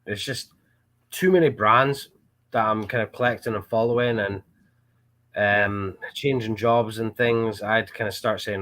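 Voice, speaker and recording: A man's voice: lowish voice, steady tone, unhurried, a bit bright, no echo. A man from Aberdeen with a mild Scottish accent, chatting casually and self-deprecatingly as a guest on a hobby podcast. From Scotland. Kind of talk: casual chat.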